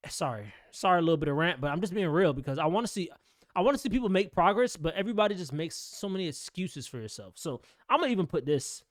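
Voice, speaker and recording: A man's voice: high-pitched, very animated, fast talker, no echo, clean studio sound. A man coaching notaries in a blunt, ranting, motivational talk full of street slang.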